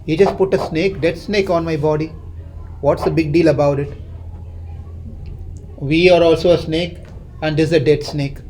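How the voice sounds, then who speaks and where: A man's voice: fairly high pitch, steady tone, moderate pace, pauses often, a little mellow, natural voice, rough recording. A man voicing an elderly sage who scolds his son in a reproachful, lecturing way.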